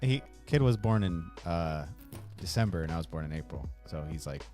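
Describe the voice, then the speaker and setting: A man's voice: sits low, animated, moderate pace, darkish tone, soft background music. A man co-hosting a podcast, chatting casually and recapping events. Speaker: podcast co-host. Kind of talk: casual chat.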